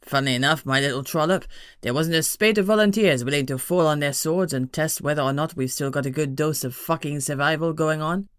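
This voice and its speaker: A woman's voice: low-pitched, brisk, dry recording, clean studio sound, natural voice. A woman voicing a cheeky, crude male winged gargoyle with a French accent, teasing and drawling.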